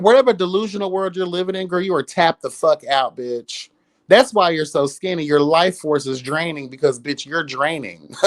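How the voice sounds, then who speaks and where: A man hosting a live reality TV review, roasting cast members in a sassy, profane way and laughing often. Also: fairly high pitch. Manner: sassy, profane, calls everyone girl and bitch. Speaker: reality show commentator, host.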